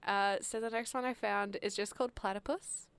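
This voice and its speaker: A woman's voice: medium pitch, fairly even intonation, normal speed, vocal fry, a bit bright, clear, resonant tone, dry recording. A woman hosting a casual podcast chat, laughing often between sentences. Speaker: podcast host.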